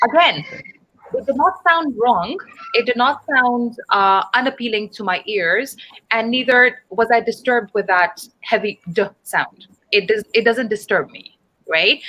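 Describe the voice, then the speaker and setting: Over poor audio, a woman from Dubai patiently teaches an online group English speaking lesson, encouraging her students, spelling out words, and asking them questions. Her voice is on the high side with a sharp tone.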